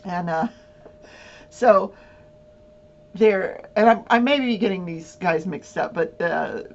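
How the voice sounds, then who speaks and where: A talk show host with a low-leaning voice and slow pace tells a long, casual story full of fillers and frequent laughter. The recording is dull lo-fi with a faint hum.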